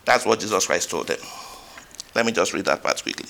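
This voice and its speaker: A man preaching a sermon, asking the congregation questions and reading scripture aloud, swinging between loud emphatic peaks and quiet asides. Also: deep voice, fairly quick, gravelly, pauses often.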